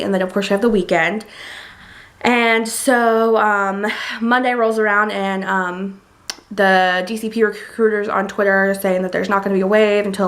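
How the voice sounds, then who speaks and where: A woman's voice: mid-range voice, gravelly. A young woman in college telling a personal story in a casual, chatty vlog, full of fillers. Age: young adult. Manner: chatty, lots of likes and ums, gets excited retelling. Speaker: college student vlogger.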